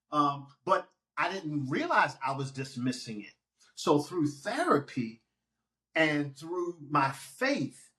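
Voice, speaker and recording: A man, a pastor and musician, talking on a podcast in an emphatic, preacherly way, quoting scripture and acting out talking to his own feelings. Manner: emphatic, animated swings in pitch. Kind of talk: conversational podcast interview.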